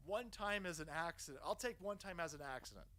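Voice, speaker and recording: A man's voice: high-pitched, animated, fast talker, sharp tone, low-quality recording. A man in his thirties streaming a profane political rant, mocking and sarcastic, swearing constantly. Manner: puts on voices to mock people.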